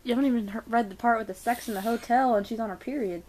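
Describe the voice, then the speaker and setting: A woman's voice: fairly high pitch, rapid-fire, a little mellow, a little hiss or hum, poor audio. A young woman teasing her friend in a casual chat, sarcastic and playful. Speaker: guest friend.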